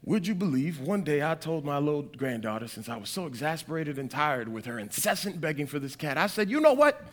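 Man doing an excitable old church grandmother. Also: fairly high pitch, brisk. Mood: exasperated. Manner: breathless, rising to excited shouting. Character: older cat-hating church grandmother, dramatic.

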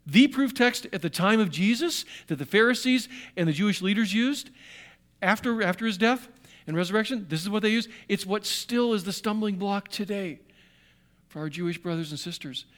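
A man preaching a sermon, swinging from hushed tones to loud emphasis and repeating phrases to drive them home. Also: high voice, normal speed.

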